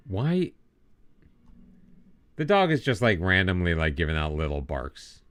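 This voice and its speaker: A man's voice: deep voice, wildly swooping pitch, unhurried, long pauses, a bit bright, no echo. A middle-aged man chatting casually on a live game stream, rambling and self-deprecating, with many restarts. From United States.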